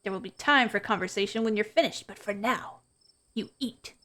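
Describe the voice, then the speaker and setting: A woman voicing an eerie spirit of forest decay in whispered role-play, slow and ominous. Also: medium pitch, bright, forceful tone, lightly acted.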